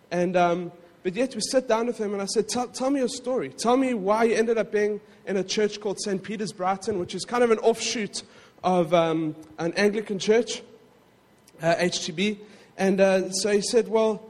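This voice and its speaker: High-voiced pastor preaching in a church hall. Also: male voice, darkish tone. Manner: conversational, self-correcting, frequent asides to the congregation. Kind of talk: sermon.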